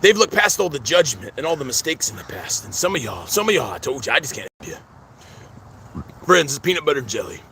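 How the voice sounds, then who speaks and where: A man's voice: medium pitch, big pitch swings, fast talker, creaky, fairly bright tone, a little hiss or hum. A middle-aged man, vlogging outdoors in a rambling, stammering way and calling his viewers "friends" again and again. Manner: repeats 'friends' constantly, stammering restarts. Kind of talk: rambling personal vlog. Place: outdoors at a cemetery.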